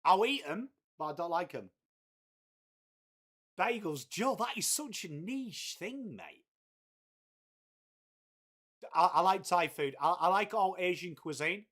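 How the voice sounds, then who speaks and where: Hosting a casual watchalong stream, this Whitby man speaks slowly with frequent pauses, his high, slightly bright voice rising and falling lively. He reads viewers' messages, swears freely, and his laddish banter is full of "mate".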